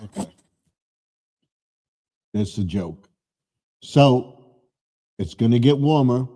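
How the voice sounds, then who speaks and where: A man hosting a casual live stream from his home man cave, talking in a slow, rambling, low-key way. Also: expressive, mellow.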